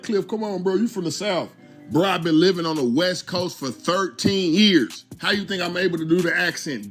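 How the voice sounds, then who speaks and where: Man, casual commentary host, keeps saying bro, slightly high voice, faint music underneath. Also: fairly bright tone. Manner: conversational, repeats 'bro' and 'you understand me'.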